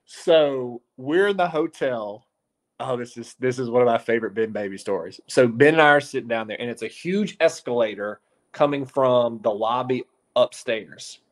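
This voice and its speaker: A man at the middle of the usual pitch range for men, spinning a story in a loose, chatty way. He is a sports reporter who jumps into other people's voices to act out their lines, and his delivery keeps climbing into lively bursts. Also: normal speed. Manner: animated storyteller, acts out quotes. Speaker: local TV sports reporter, guest. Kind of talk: casual podcast storytelling.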